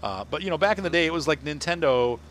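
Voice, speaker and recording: A man's voice: a little high, lively intonation, fast, fairly bright tone, slight background noise. A man from Ohio chatting casually on a live game stream, rambling and laughing often. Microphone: headset.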